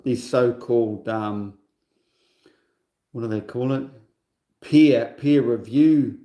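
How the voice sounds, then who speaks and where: A man in his sixties rambles through a casual livestream monologue, scornful and full of asides. His voice sits mid-pitched with a dark, mellow tone. The room gives it a noticeable echo. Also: slow, pauses often. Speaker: livestream host.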